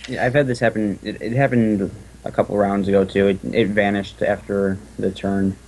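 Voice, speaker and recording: A man's voice: lowish voice, little pitch movement, moderate pace, darkish tone, a little hiss or hum, poor audio. Man chatting over an online game. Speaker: card game player. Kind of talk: casual gaming chat.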